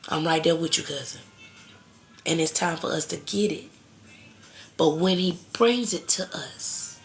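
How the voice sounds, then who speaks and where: Chatty woman reading cards live, gravelly voice. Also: medium pitch, fairly bright tone. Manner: chatty, calls viewers cousin and baby, laughs often. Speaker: tarot reader on a live stream. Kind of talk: casual live-stream chat.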